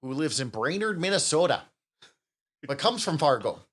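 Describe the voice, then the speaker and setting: A young man from the Upper Midwest co-hosting a casual podcast, an animated storyteller who laughs quickly and swears freely. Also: a little high, slightly rough. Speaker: podcast co-host. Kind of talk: casual chat.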